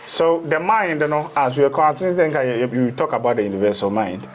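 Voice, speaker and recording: A man's voice: medium pitch, fairly quick, slight background noise. A man, a spiritual teacher in a casual interview, rambling through explanations and slipping into local phrases.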